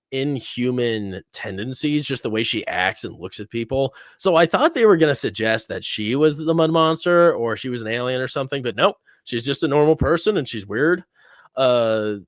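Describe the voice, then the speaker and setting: A man's voice: mid-range voice, no echo, studio quality. A young man casually recapping a TV episode, rambling with many fillers and little laughs. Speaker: host. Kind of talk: casual review chat.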